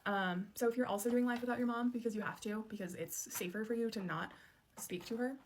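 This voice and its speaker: With a slightly high voice and steady tone, a woman in her late twenties talks fast as she candidly recalls her childhood, filling her speech with "um" and "like." Some faint background noise can be heard.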